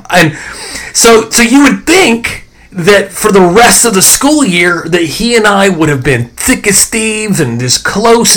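Rambling middle-aged man telling stories. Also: high-pitched. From American South. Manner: rambling, animated, many fillers and restarts. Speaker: podcast host. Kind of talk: casual nostalgic storytelling.

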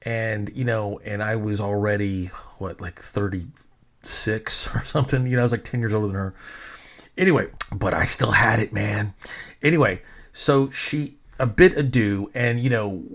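A man's voice: on the low side, normal speed, a bit bright. A middle-aged man casually telling a personal story in a rambling, self-mocking way, swearing freely.

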